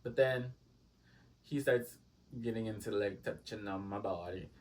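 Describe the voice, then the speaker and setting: A young man telling a casual, gossipy story time, full of "like" fillers and animated quoted exchanges. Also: fairly low pitch, unhurried, recorded from a distance, a little hiss or hum.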